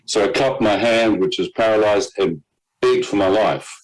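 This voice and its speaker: Low-voiced man telling a dramatic testimony. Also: normal speed, rough recording. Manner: vivid storyteller with fillers and short laughs. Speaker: guest giving a testimony. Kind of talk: personal testimony storytelling.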